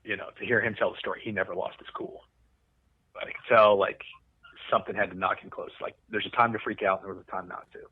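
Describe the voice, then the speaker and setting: A Coast Guard veteran telling a rambling, profane story in casual conversation. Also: male voice, fairly low pitch, steady tone, quick pace, breathy edge, narrow, tinny audio. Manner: rambling, profane, restarts often.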